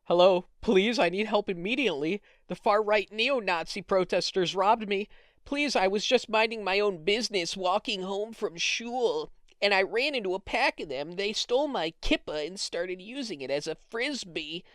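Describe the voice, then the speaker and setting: A man's voice: high-pitched, expressive, moderate pace, a bit bright, no room sound, studio quality, voice pushed up. A man voicing a frantic male caller who begs the police for help. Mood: pleading.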